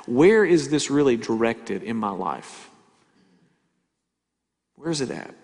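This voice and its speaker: A man preaching a sermon in a church hall, his mid-pitched voice trailing off into a long reverb. He stresses his points by saying them twice and keeps asking the listeners whether they are with him. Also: sing-song, slow pace, a little mellow. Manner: emphatic, repeats key lines, asks the crowd for agreement. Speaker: pastor.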